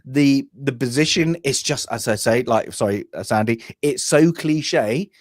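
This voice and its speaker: A man's voice: medium pitch, unhurried, dry recording, clean studio sound. A young man co-hosting a casual film review chat, opinionated and rambling with many restarts. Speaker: podcast co-host.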